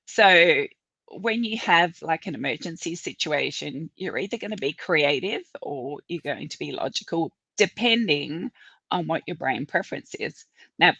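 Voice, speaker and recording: A woman's voice: on the low side, creaky, bright, forceful tone, husky, no echo. An Australian woman chatting as a guest, laughing often and explaining with little exercises. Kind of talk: casual video-call chat.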